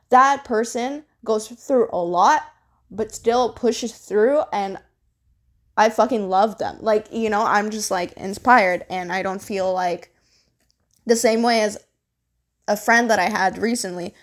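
A young adult woman vlogging straight to her viewers in an easygoing, unscripted way. She is blunt and swears freely, and her talk is full of "like" and "you know". Her pitch sits at an ordinary middle height for a woman. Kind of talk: casual advice talk to camera.

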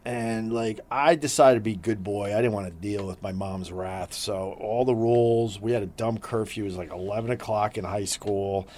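A man's voice: fairly low pitch, fairly even intonation, moderate pace, few pauses, slight background noise. Man telling rowdy family stories. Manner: swearing, storytelling with loud bursts of laughter. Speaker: podcast co-host. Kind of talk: casual chat.

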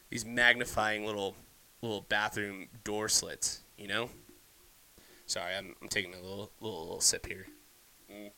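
A man's voice: on the low side, bright, forceful tone. A young man hosting a podcast, ranting casually and heatedly, swearing constantly and often restarting his sentences. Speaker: podcast host. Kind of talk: casual solo podcast rant.

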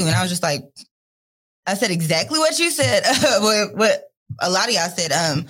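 A young woman chats as a podcast guest, candid and open, with frequent little laughs and fillers between thoughts. Her voice sits at a middle pitch and has a bright edge. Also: lively intonation, moderate pace. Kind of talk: casual chat.

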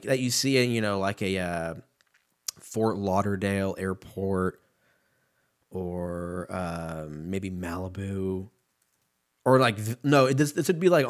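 A man hosting a podcast, rambling casually and profanely from one tangent to the next. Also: lowish voice. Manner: loose, profane, jumps between tangents. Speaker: podcast host.

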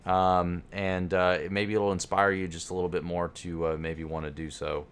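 A man co-hosting a podcast, speaking earnestly in a halting way with lots of fillers. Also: low voice, little pitch movement, slight background noise. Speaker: podcast co-host. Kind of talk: casual chat.

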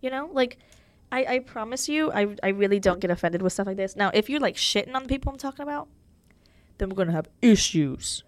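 A woman's voice: medium pitch, expressive, fairly quick, dry recording. A young woman hosting her own podcast in a casual, chatty way, full of fillers and self-mocking humor. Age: young adult. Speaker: podcast host. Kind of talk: casual solo podcast chat.

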